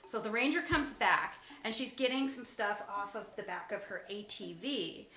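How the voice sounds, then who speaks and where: A woman's voice: mid-range voice, expressive, normal speed, bright, forceful tone, slight background noise. A woman hosting her own channel, telling a spooky story in a casual way, laughing often and dropping to a whisper at the tense parts. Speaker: host. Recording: echoey room.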